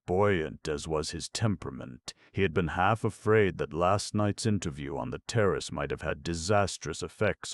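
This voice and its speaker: Very deep, gravelly audiobook narrator. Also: male voice, dry recording. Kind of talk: scripted narration.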